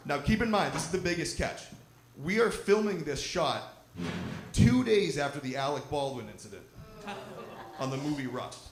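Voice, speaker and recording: A young man doing a stand-up comedy set, telling a profane, animated story at a live show in a lodge. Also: a little high, moderate pace. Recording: roomy live recording with crowd noise.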